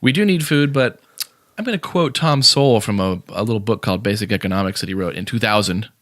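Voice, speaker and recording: A man's voice: on the low side, animated, fast talker, a bit bright, dry recording, clean studio sound. A man hosting a podcast in casual, opinionated chat, blunt and sarcastic, with many fillers and restarts. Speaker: podcast host.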